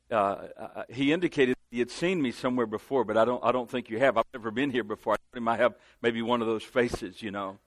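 A man's voice: mid-range voice, fairly bright tone, no room sound. Southern US male guest preacher, earnest, calls for amens, dry sound. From Southern United States. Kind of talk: sermon. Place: church sanctuary.

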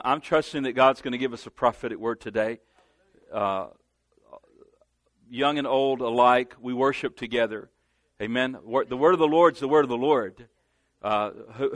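A man's voice: medium pitch, moderate pace, no room sound. Southern US male guest preacher, earnest, calls for amens, dry sound. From Southern United States. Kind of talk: sermon. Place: church sanctuary.

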